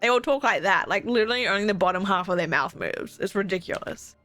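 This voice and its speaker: A young woman with a mid-range voice streams a video game, talking fast and chatting casually and animatedly with her viewers. She swears and laughs often during the live-stream commentary, with faint music playing behind her.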